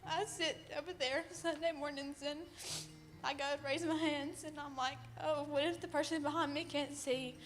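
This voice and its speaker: A teenage girl, giving an emotional church testimony in a shaky, halting way with many ums. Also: high-pitched, steady tone, faint music behind. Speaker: youth group member giving a testimony. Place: church sanctuary.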